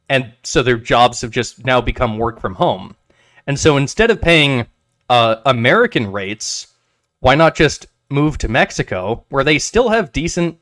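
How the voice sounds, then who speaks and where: Male podcast co-host, rambling storyteller, lively pitch, dry close mic. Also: no echo. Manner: rambling, many restarts and swearing, animated retellings. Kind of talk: casual chat.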